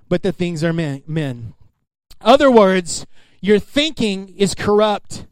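A preacher with a high-pitched man's voice, talking his sermon through in a loose, conversational way. He keeps calling out to the people in front of him to pull them along. The sound is close and dry. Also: sing-song, slow, smooth, no echo. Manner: conversational, calls out to the congregation. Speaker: pastor.

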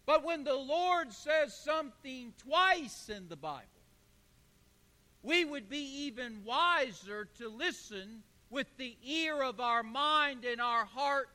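A male pastor delivers a sermon at an unhurried pace, stacking one emphatic phrase after another. His voice sits very high and bright. The sound rings with the long reverb of a church hall. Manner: emphatic repetition, call-and-response with congregation. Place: church sanctuary.

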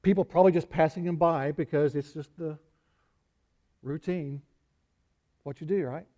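High-voiced man preaching conversationally. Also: steady tone, normal speed, mellow, dull audio. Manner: conversational, acts out quoted speech with small laughs and sighs. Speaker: pastor. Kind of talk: sermon.

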